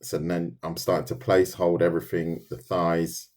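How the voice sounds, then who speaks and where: A man's voice: low voice, little pitch movement, moderate pace, a little mellow. A man with a London accent, chatting casually on a live stream as he draws, reading and answering viewer comments, thinking aloud with loose restarts. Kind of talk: casual live-stream chat while drawing.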